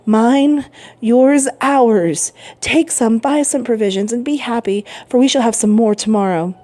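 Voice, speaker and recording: A woman's voice: a little high, unhurried, warm tone, voice pushed up, lightly acted. A woman voicing an earnest young male sailor who is a devoted son, speaking eagerly in a storybook reading.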